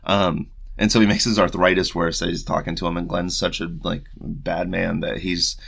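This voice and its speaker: Low gravelly man recapping a story. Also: level tone, a bit bright. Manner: retells scenes with quick voiced asides. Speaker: podcast co-host. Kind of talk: casual book discussion.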